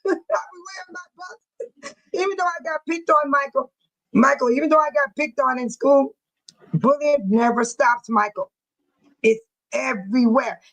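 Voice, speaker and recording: A woman with a high voice hosts a casual live audio room and keeps dissolving into laughter, gasping for breath between words. Her speech carries as she calls out listeners' names and reads their comments. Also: fairly bright tone, poor audio.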